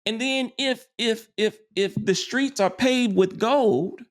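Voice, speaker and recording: A man's voice: high voice, slow pace. A man teaching metaphysics in a loose, rambling lecture, often restarting and tagging on "you see.". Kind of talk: informal spiritual lecture.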